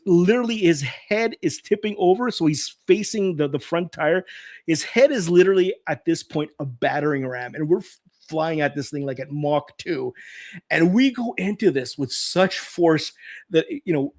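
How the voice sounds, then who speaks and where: A middle-aged man spins a childhood story on a live stream. His voice sits a little high for a man, and his delivery is lively, acting out his own and other people's lines along the way. It is relaxed, casual storytelling. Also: normal speed. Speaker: host of a live nostalgia stream.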